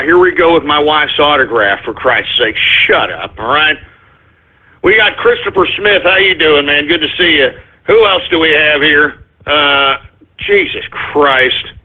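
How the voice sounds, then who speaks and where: Foul-mouthed male call-in host, husky and shouty, phone-quality audio. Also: a little high. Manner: angry, profane ranting with sudden shouts. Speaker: radio show host. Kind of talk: call-in radio rant. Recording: phone-like narrow sound.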